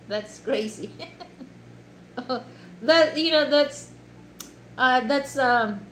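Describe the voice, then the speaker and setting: Slow, chatty Filipino woman in an echoey room. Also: high-pitched, fairly bright tone, a little hiss or hum. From Philippines. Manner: rambling, many fillers and restarts. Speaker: livestream host. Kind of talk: casual livestream chat.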